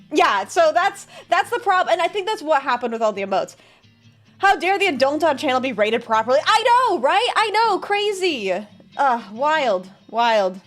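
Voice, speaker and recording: A woman streamer chatting casually with her viewers, sarcastic and laughing often. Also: sits high. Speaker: VTuber streamer. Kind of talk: casual stream chat reading viewer messages.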